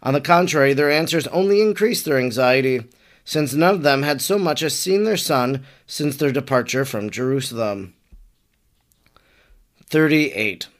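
A man, a priest, reading an old devotional text aloud in a measured, reverent way. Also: mid-range voice.

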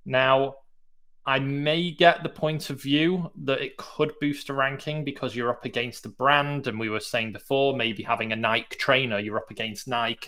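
A man's voice: medium pitch, fairly bright tone. A British man co-hosting a podcast, chatty and light, often turning questions back to his partner. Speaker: podcast co-host. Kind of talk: casual discussion of search marketing news.

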